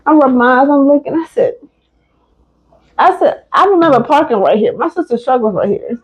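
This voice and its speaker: A woman's voice: sits high, moderate pace, slightly rough, low-quality recording. A woman co-hosting a casual chat, telling a story and acting out every quote. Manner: animated storyteller, acts out quotes. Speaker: podcast co-host.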